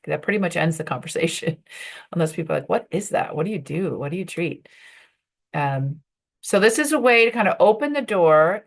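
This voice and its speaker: Woman leading a leadership workshop. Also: fairly low pitch. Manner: conversational, with fillers and acted-out dialogue. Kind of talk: workshop talk to professional women.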